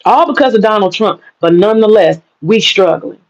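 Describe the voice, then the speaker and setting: A woman's voice: medium pitch, animated, fairly quick. An American woman, a vlogger, delivering a heated, profane rant in a blunt and angry way. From United States. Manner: blunt, heated, heavy swearing. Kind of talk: profane ranting monologue. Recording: dull lo-fi recording.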